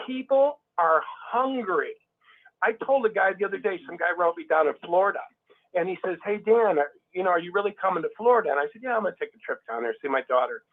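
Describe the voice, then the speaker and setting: A man's voice: high voice, expressive, a little fast. A man talking casually and with heat, restarting his sentences often. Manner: emphatic, heated, many restarts. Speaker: guest. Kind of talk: casual conversation. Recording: tinny phone line.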